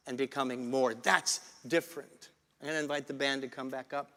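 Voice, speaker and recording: A man's voice: fairly high pitch, fairly bright tone. A male pastor giving a sermon, leading the congregation in reading lines together and repeating key phrases. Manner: call-and-response preaching with repeated lines. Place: church sanctuary. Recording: long reverb of a church sanctuary.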